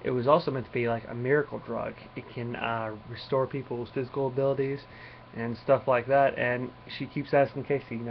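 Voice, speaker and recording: A man's voice: medium pitch, level tone, brisk, gravelly, slight background noise. Rambling man in a lo-fi review. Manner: rambling plot retelling with many fillers. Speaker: comic book reviewer. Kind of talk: casual spoken review.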